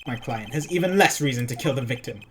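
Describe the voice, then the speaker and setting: Woman doing an earnest young male lawyer, emphatic, exclaiming, lively pitch. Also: fast talker, a little hiss or hum.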